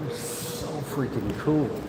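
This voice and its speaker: Slow and mid-pitched, a man rambles through a casual vlog of a museum on his handheld phone, chatting, joking and laughing often. The recording is very noisy, with echoing rooms and faint ambience.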